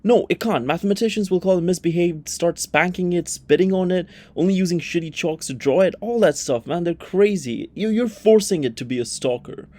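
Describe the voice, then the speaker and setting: A man's voice: sits high, brisk, hardly any pauses. Crude, rowdy young man explaining math. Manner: crude slangy banter, jumps between loud outbursts and mutters.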